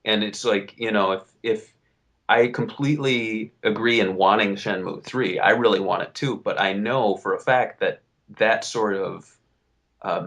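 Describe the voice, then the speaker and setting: A young man co-hosting a casual podcast, venting and riffing in an animated way, swearing freely. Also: fairly low pitch. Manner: animated, swearing, riffs and vents. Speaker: podcast co-host.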